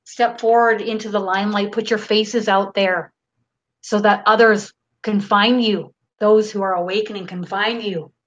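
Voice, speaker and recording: A woman's voice: medium pitch, steady tone, normal speed, highs cut off. A Canadian woman hosting a live channeling session, reading viewer questions aloud in a casual, unfiltered way. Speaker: host.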